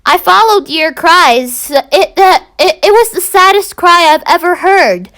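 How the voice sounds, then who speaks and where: A woman voicing an eager young male Dalmatian pup in a fan-read story, halting and stumbling over his words. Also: very high-pitched, lively intonation, fairly bright tone, voice pushed up, heavily acted.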